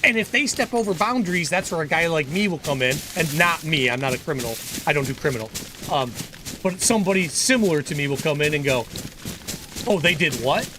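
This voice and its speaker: A man's voice: fairly high pitch, animated, fast, background noise. A man chatting casually on a gaming livestream. He is earnest and opinionated, and he rambles with frequent restarts. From United States.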